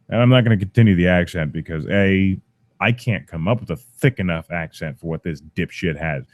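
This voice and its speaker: A father ranting angrily to camera, swearing constantly and sounding fed up. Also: sits low. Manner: profane, exasperated. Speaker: parent. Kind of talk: angry rant to camera.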